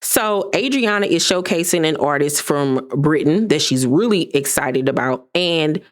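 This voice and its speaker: A woman's voice: sits low, measured pace. A woman in her thirties giving a sassy, gossipy casual recap of a reality show, sometimes mimicking the cast. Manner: sassy, gossipy, animated impressions of cast members.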